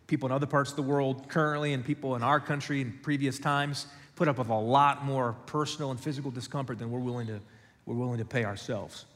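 A man preaching a sermon, moving from hushed storytelling to loud emphasis with a conversational, joking manner. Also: medium pitch, fairly even intonation, fast, big-room sound. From United States. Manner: dramatic shifts from hushed to loud, conversational and humorous. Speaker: pastor. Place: church.

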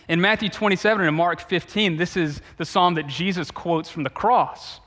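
A man, a youth pastor, giving a sermon in a conversational way, with relaxed asides and restarts. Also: high voice, normal speed. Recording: long reverb of a large hall.

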